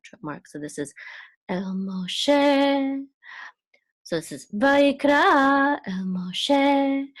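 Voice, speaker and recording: A woman teaching biblical Hebrew reading step by step, explaining in short pieces and singing out each word higher and louder. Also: no echo. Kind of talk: slow step-by-step lesson with chanted words.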